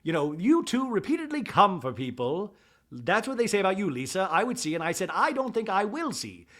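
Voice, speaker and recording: Man impersonating poised reality-star woman, firm measured retorts, lively pitch.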